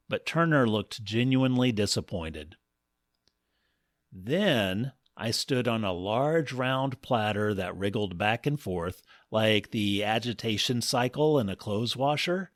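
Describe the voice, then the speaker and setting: A man telling a comic first-person story in a wry, deadpan manner. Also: medium pitch, slow, no room sound, studio quality. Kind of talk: scripted comic narration.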